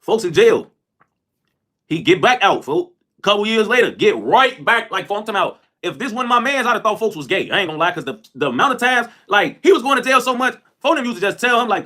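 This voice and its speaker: Here a Chicago man hosting a livestream rattles off casual stories with fast, high-energy delivery. Expect loud excitement, trash talk and plenty of slang.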